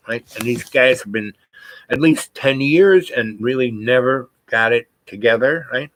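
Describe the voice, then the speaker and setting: A man's voice: medium pitch, moderate pace, fairly bright tone, no echo. A man telling a personal story in a casual, meandering way, full of fillers and restarts.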